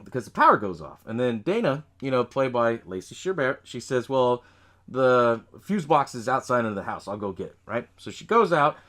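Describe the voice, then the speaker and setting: A man hosting a podcast, casually recapping a horror movie in a profane, animated way, laughing often and acting out the characters' lines. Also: mid-range voice, normal speed. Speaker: podcast host.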